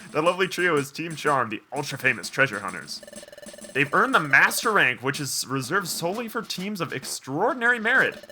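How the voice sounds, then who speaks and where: A man's voice: on the high side, sing-song, normal speed, pushed and bright, slight background noise. A man hosting a game playthrough, chatting casually and reading game dialogue aloud with joking asides. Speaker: let's play host.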